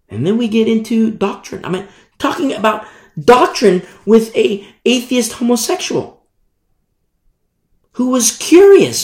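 An animated preacher giving a sermon in a roomy, echoing space. The voice swings up and down in pitch as it presses each point, returning again and again to rhetorical questions for the listeners. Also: measured pace, gravelly, long pauses. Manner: animated, asks rhetorical "You see?" often. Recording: echoey room.

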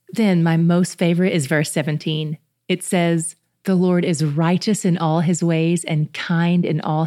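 A woman hosting a devotional Bible recap podcast, talking in an earnest, emphatic teaching manner and slowing down to stress key phrases. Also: lowish voice, a little mellow.

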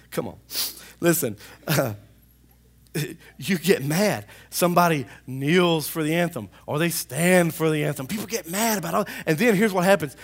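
A man's voice: a little high, lively intonation, measured pace, pauses often, slightly rough. A man preaching a sermon as pastor to his church, emphatic, with call-and-response asides to the congregation. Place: church service.

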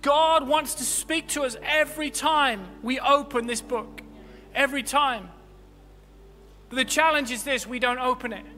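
A male pastor's impassioned sermon fills a church hall, carried by long reverb with faint music behind it. Speaking at a measured pace in a high, very bright voice, he alternates between loud, soaring peaks and hushed, low stretches.

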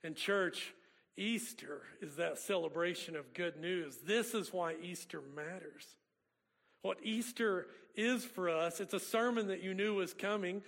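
Pastor preaching in a reverberant church. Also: male voice, sits high, unhurried, a bit bright. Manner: folksy storytelling preacher. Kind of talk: sermon. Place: church sanctuary. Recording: long reverb of a church hall.

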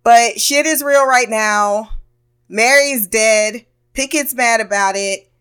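Animated woman recapping a TV episode. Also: a little high, takes it slowly, smooth. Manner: animated, laughing, blunt and profane, acts out characters' lines. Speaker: podcast host.

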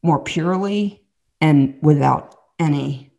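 Low-voiced Southern woman telling her story. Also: slow, gravelly, warm tone, lo-fi sound. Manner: chatty, self-deprecating, earnest. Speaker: podcast guest. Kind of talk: personal storytelling.

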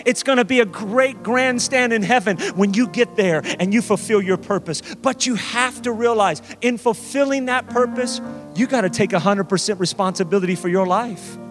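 A pastor delivering a sermon, emphatic and repeating key phrases for weight. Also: male voice, sits high, normal speed, over music.

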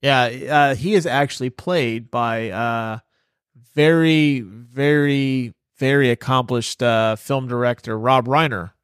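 This man hosts a podcast and takes his time, his mid-range voice clear and resonant against clean studio sound with no room echo. His movie review chat is loose and casual, heavy with fillers and profanity.

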